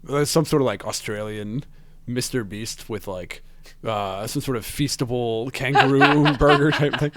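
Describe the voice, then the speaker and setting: A man's voice: mid-range voice, a little slow, a bit bright, slight background noise. A man hosting a casual chat, who laughs often and keeps trying out silly voices. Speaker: podcast host. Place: New York.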